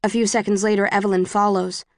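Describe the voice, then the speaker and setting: A woman reading a first-person audiobook in an even, plain storytelling voice. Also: medium pitch, fast talker, dry recording. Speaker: audiobook narrator.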